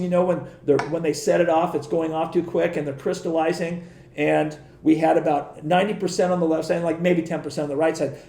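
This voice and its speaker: A middle-aged man telling stories on a podcast in a casual, animated way, laughing often and acting out the voices of the people he quotes. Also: fairly high pitch, roomy sound. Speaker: podcast guest. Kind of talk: casual storytelling.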